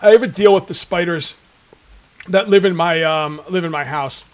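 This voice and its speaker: A man's voice: sits high, moderate pace. A man giving casual, jokey let's-play commentary as a gaming video host, ranting and chatting at the viewers. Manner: chatty, ranting, jokey, slips into mock voices. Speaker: gaming YouTuber.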